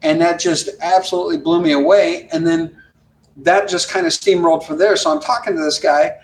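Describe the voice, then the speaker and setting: A man, a guest who works as a virtual air traffic controller, telling animated stories and acting out radio calls. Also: a little high, a little fast, rough recording. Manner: lively storyteller who acts out radio calls.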